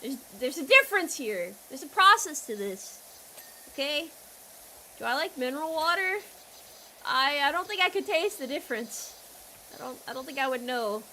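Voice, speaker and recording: A young woman with an American accent streaming a game, talking to her chat in a loud, playful, teasing way. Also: high-pitched, sing-song, normal speed, slight background noise. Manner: playful, loud and teasing with chat, trailing into quiet mock apologies.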